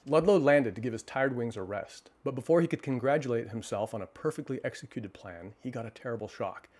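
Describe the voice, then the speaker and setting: A man hosting a livestream, reading a children's storybook aloud and then chatting with viewers in a relaxed, halting way. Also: mid-range voice. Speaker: storyteller host.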